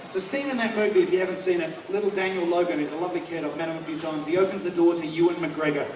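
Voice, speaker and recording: A man's voice: on the high side, steady tone, very fast, a little mellow. A man doing a brash, swearing stand-up comedy set with mocking impressions. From North America. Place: live comedy venue with audience. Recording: echoey live room, crowd noise, distant mic. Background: crowd laughter.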